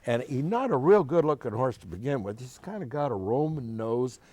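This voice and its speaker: A man's voice: medium pitch, expressive, normal speed, dark tone, no echo, lightly acted. An older man voicing a blunt, persuasive horse dealer in his own story. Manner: blunt sales talk.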